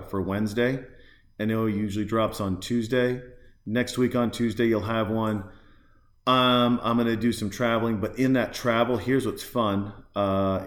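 A man's voice: on the low side, roomy sound. A man hosting a podcast in casual chat, rambling loosely with lots of fillers and restarts. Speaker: podcast host. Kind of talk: casual chat, reacting to a film while drinking beer.

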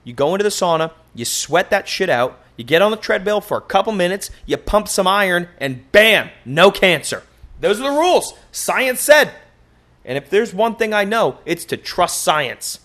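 A young man hosting a casual solo podcast, joking and cursing through loose, animated stories. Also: high voice, moderate pace, few pauses. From United States. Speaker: podcast host.

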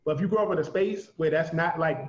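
High-voiced fast-talking man, roomy. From Washington, DC. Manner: rapid, loose, heavy use of filler "like". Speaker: guest, art teacher. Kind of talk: casual conversation. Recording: roomy, slightly dull sound.

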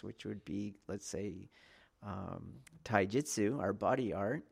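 A man giving a martial arts lesson, talking in a rhetorical way and often checking in with his students. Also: medium pitch. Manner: rhetorical, keeps checking in with "okay?" and "do you see?". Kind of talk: teaching talk to students.

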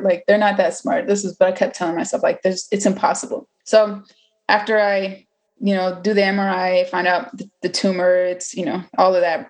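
Young woman telling her story candidly. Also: medium pitch. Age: 20s. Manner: candid, chatty, full of fillers and acted-out quotes. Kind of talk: personal storytelling.

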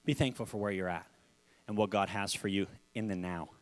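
A young man preaching a sermon, acting out stories with sudden shouts and repeated words. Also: lowish voice, fairly even intonation, fairly quick. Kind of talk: animated sermon storytelling.

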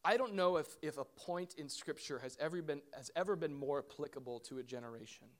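A middle-aged man, a pastor, preaching a sermon in an animated way, with questions and asides to the congregation. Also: a little high, brisk.

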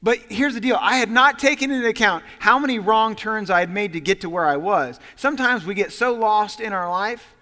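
Man, pastor, storytelling sermon, somewhat high voice, bright and forceful, long hall reverb. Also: expressive, brisk, few pauses. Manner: storytelling preacher, swings from hushed quotes to loud emphasis.

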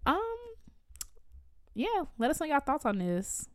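A woman's voice: high voice, wildly swooping pitch, takes it slowly, no echo, clean studio sound. A woman co-hosting a podcast in casual, slangy chat, laughing often. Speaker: podcast co-host.

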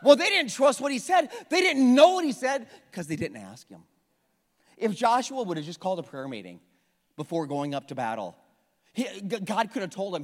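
A pastor in his forties preaching a sermon, animated and joking as he acts out the people in the story. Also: high voice, normal speed. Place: church hall. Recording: long reverb of a church hall.

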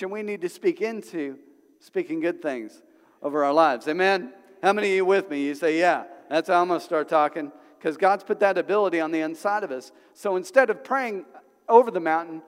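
A middle-aged man preaches in a church sanctuary, his fairly high voice ringing with a long hall reverb. He tells stories in a loose, conversational way, then drives his points home with animated emphasis. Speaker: pastor. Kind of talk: sermon.

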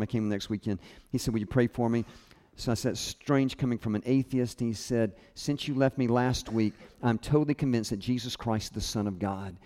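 A man preaching from the pulpit, his voice at an ordinary middle pitch. He tells stories and brings the people in them to life as he quotes them. A long reverb from a large hall trails every phrase. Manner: storytelling with lively quoted voices. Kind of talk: sermon.

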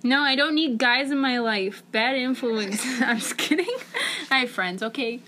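A woman's voice: fairly high pitch, a little slow, sharp tone, a little hiss or hum. A young woman co-hosting a podcast from her dorm room, telling a rambling, giggly story full of "like"s. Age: young adult. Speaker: podcast co-host. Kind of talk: casual chat.

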